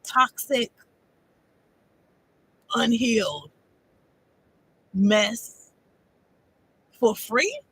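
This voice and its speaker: High-pitched woman, casual tarot reader; rambling, profane, laughs a lot. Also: animated, extremely slow, long pauses, bright, forceful tone, breathy edge, poor audio. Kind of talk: casual tarot reading monologue.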